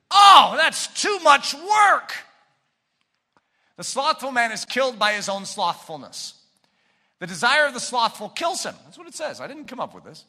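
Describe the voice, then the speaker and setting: A man preaching a sermon with fervent delivery, swinging between shouted points and quiet asides. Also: sits high, in a large hall.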